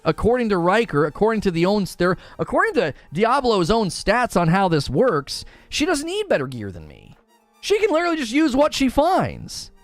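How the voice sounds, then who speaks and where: A man's voice: high-pitched, no echo. A man ranting sarcastically in a video commentary about a game, exasperated and mocking. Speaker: gaming commentator.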